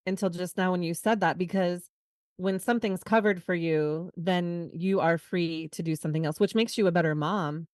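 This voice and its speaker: A woman co-hosting a podcast, telling a personal story in a casual, animated way. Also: lowish voice, dry recording, clean studio sound. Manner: animated storytelling, quick asides. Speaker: podcast co-host. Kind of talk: casual conversation.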